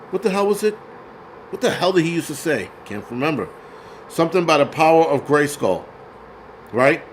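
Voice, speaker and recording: A man's voice: on the high side, low-quality recording. Guy hosting a film chat, rambly and swears a lot, faint ac hum behind. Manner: rambling, profane, searches aloud. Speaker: film commentary host. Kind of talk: casual livestream commentary.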